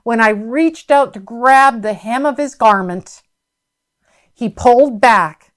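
A woman's voice: on the high side, takes it slowly. A woman preaching a sermon and sharing a heartfelt personal testimony in an earnest, emphatic way.

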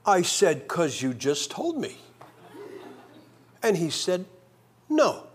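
This revival preacher recounts his testimony slowly, his high voice slightly rough. He tells it as an animated story, going from loud to quiet and back.

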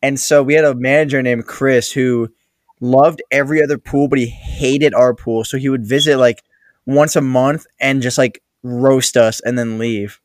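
A man's voice: medium pitch, fairly even intonation, moderate pace, no echo, clean studio sound. A young man casually telling a rambling story about a past summer job on a podcast. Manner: loose, rambling, swears casually. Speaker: podcast co-host.

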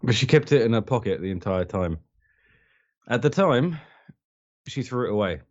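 A man describing his character's actions as a player in a tabletop game, halting and casual, with fillers and crude asides. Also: lowish voice, animated. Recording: dull lo-fi mic.

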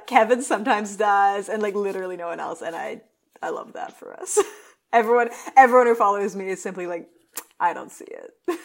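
A woman co-hosting a podcast, chatting casually and recapping episodes, slipping into quick voices for the characters. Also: mid-range voice. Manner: chatty, playful, acts out scenes in quick put-on voices. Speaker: podcast co-host. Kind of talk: casual chat, recapping a show.

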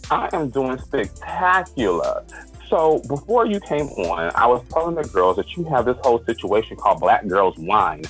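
A man's voice: medium pitch, sing-song, normal speed, fairly bright tone, slightly rough, faint music behind. A man hosting a podcast in a playful, chatty way, calling his listeners darling and girlfriends. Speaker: podcast host. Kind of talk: casual podcast chat.

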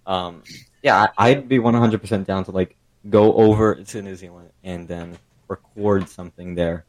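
A man's voice: low-pitched, fairly even intonation, normal speed, low-quality recording. A man chatting casually on an online group call through a desk microphone, rambling and trailing off.

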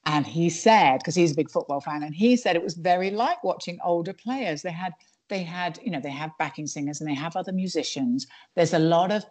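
A woman's voice: lowish voice, fairly quick, darkish tone. A woman stand-up comedian chatting in an interview, digressive and full of restarts. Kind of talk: casual interview chat.

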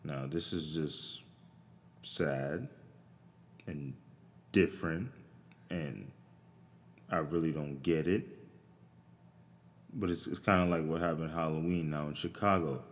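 A man with a very deep voice delivers a loose, profanity-laced comedic rant, rambling along and then jumping up high in disbelief. His voice rings with a long reverb tail. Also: fairly even intonation, slow, pauses often. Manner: profane, rambling, jumps to shrill incredulous outbursts.

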